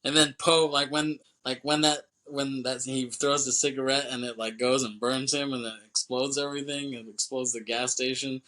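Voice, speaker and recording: A man's voice: medium pitch, flat delivery, moderate pace, hardly any pauses, sharp tone. A man co-hosting a podcast, retelling a movie's plot in a loose, rambling way, swearing freely and laughing as he goes. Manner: laughs often while talking. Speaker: podcast co-host. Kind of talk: casual movie recap chat.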